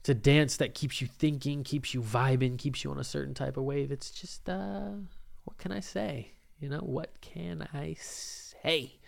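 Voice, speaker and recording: A man's voice: medium pitch, moderate pace, gravelly. A young man hosting his own podcast, rambling casually and swearing freely as he talks into a microphone. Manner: rambling, profane and laid-back, often laughing. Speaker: podcast host. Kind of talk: casual solo podcast monologue.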